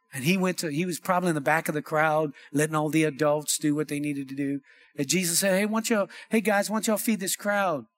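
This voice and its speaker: A male pastor preaching a sermon, calling out "amen" and "come on" to the congregation. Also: on the high side. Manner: preaching with call-and-response, repeated "amen" and "come on". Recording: long hall reverb.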